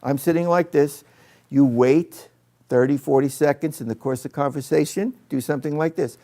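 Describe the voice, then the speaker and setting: A man's voice: fairly high pitch, fairly even intonation, moderate pace, mellow. A man training teachers in a live workshop, chatting with his audience and demonstrating with a volunteer in a training room.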